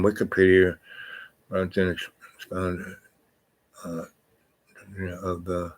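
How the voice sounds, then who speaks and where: A man's voice: low-pitched, poor audio. An older man talking in a meandering, casual monologue, correcting himself often and reading aloud from a screen. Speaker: channel host.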